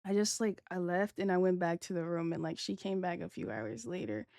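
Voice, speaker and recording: With a gravelly voice, lively intonation, and a fairly quick pace, a young woman spins a story for her livestream, the recording free of room sound. She's chatty, slangy, and swears, leaning hard on "like," and performs quoted lines with dramatic swings in pitch and loudness.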